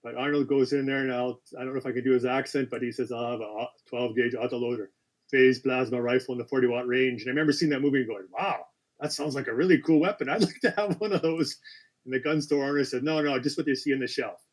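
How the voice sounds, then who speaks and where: A quiz host runs a casual live-stream quiz, reading out questions with chatty asides, quick apologies and frequent self-corrections. His voice is average in pitch.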